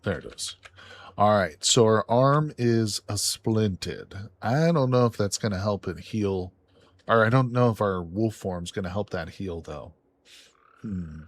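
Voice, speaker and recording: A man streaming a survival game live, reacting excitedly with swearing and laughter as he plays. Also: fairly low pitch, measured pace. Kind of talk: live gameplay commentary.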